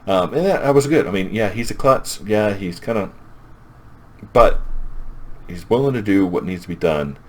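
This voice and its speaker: A man with a low voice reviewing a comic book in a casual, chatty way. He sounds enthusiastic about what he has read. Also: expressive, normal speed, pauses often.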